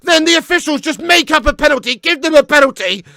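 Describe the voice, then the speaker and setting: A young man in a furious, heavily sweary ranting reaction video, often shouting as he addresses his viewers. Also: very high-pitched, expressive, fast talker, gravelly, no echo, clean studio sound. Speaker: fan reaction host.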